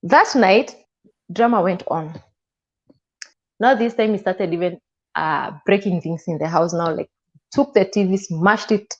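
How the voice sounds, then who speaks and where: A woman's voice: lowish voice, a little slow, long pauses. Kenyan woman guest, emotional storyteller who voices the people in her account, slightly muffled lo-fi sound. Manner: emotional, acts out quoted dialogue. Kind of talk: personal storytelling in an interview.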